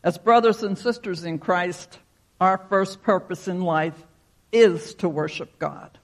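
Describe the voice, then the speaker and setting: A pastor with a high-pitched voice preaches at a measured pace, spinning a folksy story and then leading a prayer. He acts out quotes by shouting them.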